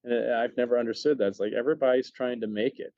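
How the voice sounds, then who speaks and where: A man chatting as a podcast guest, telling stories animatedly with lots of quick restarts. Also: mid-range voice, fairly even intonation, mellow, no room sound. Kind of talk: casual chat, storytelling. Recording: dull dry sound.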